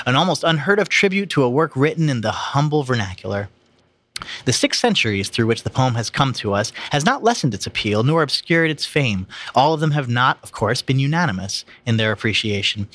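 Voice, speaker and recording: Bright-voiced man reading aloud, stumbling. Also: mid-range voice, no echo. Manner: stumbling over big words, swearing, laughing. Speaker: podcast host reading aloud. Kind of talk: casual podcast chat and reading aloud.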